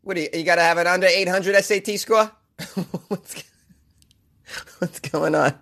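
This is a comedic monologue from a Boston-accented podcast host who rambles and riffs sarcastically. He speaks at a normal speed in a high-pitched, fairly bright voice with vocal fry.

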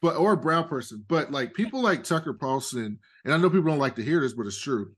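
A man co-hosting a podcast in casual chat, relaxed and hedging his points with frequent fillers. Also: fairly high pitch, fast talker, slightly rough. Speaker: podcast co-host.

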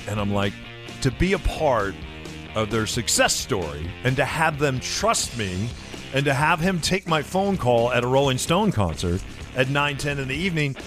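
A man co-hosting a casual podcast, a realtor telling stories in an earnest, openly sentimental way. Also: on the low side. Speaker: realtor and co-host.

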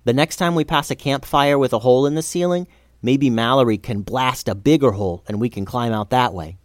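A man's voice: medium pitch, fairly quick, no echo, lightly acted. A man voicing a decisive kid leader in a read-aloud story, close to his own voice. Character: take-charge kid leader.

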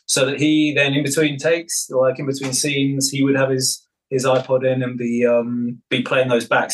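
A film director in casual interview chat, relaxed, with many fillers and restarts. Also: male voice, medium pitch, poor audio.

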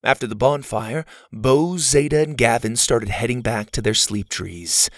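A man narrating a children's adventure story in an expressive, animated way. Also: medium pitch, unhurried, dry recording, clean studio sound.

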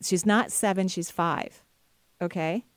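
A woman's voice: fairly low pitch, takes it slowly, no room sound. Chatty woman advice host, dry studio sound. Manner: warm, chatty, laughs often. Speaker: intuitive advice show host. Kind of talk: casual advice to callers.

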